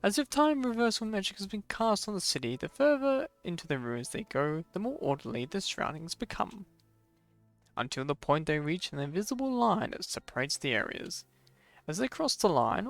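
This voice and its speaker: A streamer reading a game story aloud, stumbling over hard words and adding chatty asides. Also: medium pitch.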